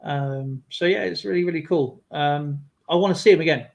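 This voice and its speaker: A man chatting casually on a livestream, rambling through an animated story with lots of fillers. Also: on the high side, normal speed, vocal fry, lo-fi sound. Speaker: guest on a livestream. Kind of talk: casual chat.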